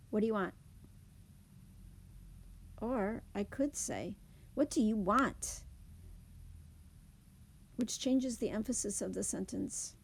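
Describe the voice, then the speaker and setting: A woman teacher explaining speech sounds in a phonics lesson, saying example words slowly and clearly. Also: medium pitch, mellow. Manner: clear, deliberate demonstration of words.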